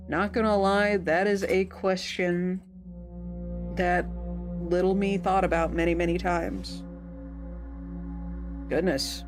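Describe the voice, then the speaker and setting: A woman streaming a game, reading its text aloud and telling stories in a chatty, animated way. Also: takes it slowly, long pauses. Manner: chatty, animated storytelling with sudden pitch jumps. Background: background music.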